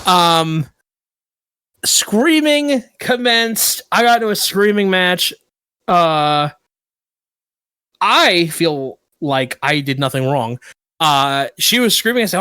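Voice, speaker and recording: A man's voice: high-pitched, slow pace, pauses often, smooth, no room sound. A man co-hosting a podcast, telling a story in casual chat and getting worked up and indignant. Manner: animated storyteller who gets worked up and indignant. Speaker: podcast co-host.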